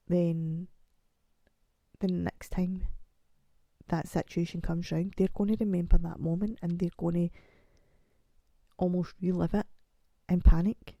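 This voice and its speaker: A woman in her forties chats and rambles through her own podcast. She pokes fun at herself, and her voice is gravelly and croaky from a chest infection. It has a dark, mellow tone and sits a little low, recorded close and dry. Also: no echo. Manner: rambling, chatty and self-mocking. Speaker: podcast host. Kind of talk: casual solo podcast chat.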